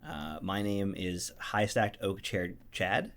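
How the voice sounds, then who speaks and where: A man's voice: low-pitched, takes it slowly, fairly bright tone. A man casually co-hosting a game let's play, joking around and trailing off mid-thought. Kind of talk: casual gameplay commentary.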